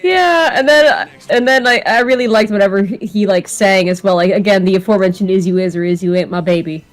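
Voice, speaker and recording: Giggly female co-host, medium pitch, chatty casual tangents. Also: a little fast, faint music behind. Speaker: stream co-host. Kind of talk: casual chat over a game stream.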